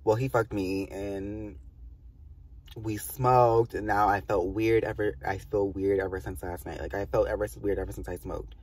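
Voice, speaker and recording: A young man casually telling a storytime on his vlog, animated and swearing a lot, with many "like" fillers. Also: on the low side, moderate pace, slightly rough, far from the mic. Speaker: vlogger.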